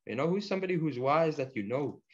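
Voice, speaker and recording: A man teaching a relaxed language lesson, slowing down to drill words and using casual fillers. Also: on the high side. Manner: slow deliberate pronunciation drills, casual fillers. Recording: dull lo-fi sound.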